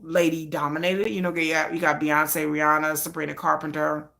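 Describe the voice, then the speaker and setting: A woman hosting a live stream, chatting casually and telling stories in an excitable way, often breaking into laughter. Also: sits low, brisk, gravelly. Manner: animated, excitable storytelling with frequent laughter.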